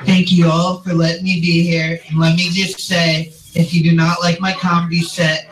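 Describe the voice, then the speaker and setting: A man's voice: fairly high pitch, flat delivery, normal speed, hardly any pauses, far from the mic, background noise. A young man with a lisp performing an amateur stand-up set, recorded in a bar. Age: young adult. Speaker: stand-up comedian in a played clip. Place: bar or gas station stage. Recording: roomy clip with crowd behind. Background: crowd.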